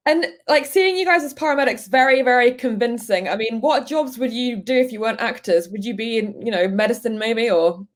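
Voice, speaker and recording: A woman interviewing two actors, asking quick, friendly questions. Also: a little high.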